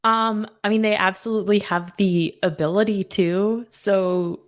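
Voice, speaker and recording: A woman's voice: medium pitch, fairly even intonation, a little slow. A woman co-hosting a podcast, answering thoughtfully in casual chat. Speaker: co-host.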